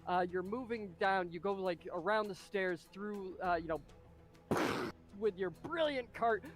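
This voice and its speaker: A man narrating as game master of a tabletop game, excitable and full of fillers and spoken sound effects. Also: sits high, measured pace, soft background music.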